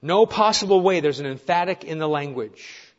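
Man, pastor mid-sermon, earnest and questioning, somewhat high voice, muffled church recording. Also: expressive, moderate pace. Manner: earnest preaching with rhetorical questions and self-deprecating asides.

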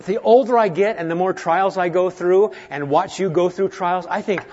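A middle-aged man preaches a sermon from the pulpit. His voice sits a touch high and turns earnest and emphatic, then drops to a quiet, slow hush. The recording is dull and lo-fi. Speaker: pastor.

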